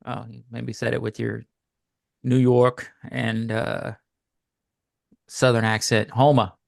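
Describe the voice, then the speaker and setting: A man in casual podcast conversation, his voice carrying a gravelly fry. The sound is dry and close, with no room around it. He talks in a chatty, teasing way. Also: medium pitch, little pitch movement, takes it slowly, dry recording. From Louisiana. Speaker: podcast co-host. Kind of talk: casual chat.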